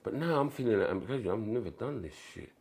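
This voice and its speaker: Gravelly deep-voiced man in his sixties. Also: fairly quick. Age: 60s. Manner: animated storyteller acting out dialogue, swearing, dropping to whispers. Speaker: podcast guest. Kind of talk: casual storytelling chat.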